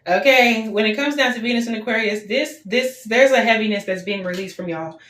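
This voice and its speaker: A woman's voice: a little high, brisk, a bit bright. A woman in her twenties giving a casual livestream tarot reading, chatty and repetitive, full of fillers. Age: 20s. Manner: chatty, lots of fillers, repeats herself. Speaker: tarot reader. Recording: roomy echo, faint background hiss.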